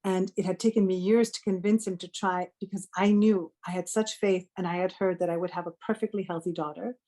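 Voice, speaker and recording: A woman's voice: on the low side, fairly even intonation, fairly quick, dark tone. Middle-aged woman telling an earnest healing story. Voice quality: earnest, frequent restarts and self-corrections. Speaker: spiritual healer guest. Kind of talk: conversational storytelling interview.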